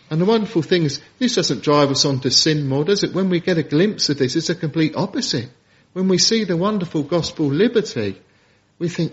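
A man's voice: on the high side, moderate pace, dull audio. A man preaching an evening sermon, earnest and emphatic, piling up lists and quoting scripture.

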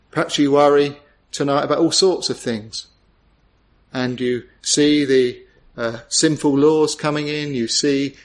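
A male preacher delivering an earnest, tender sermon full of rhetorical questions. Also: medium pitch.

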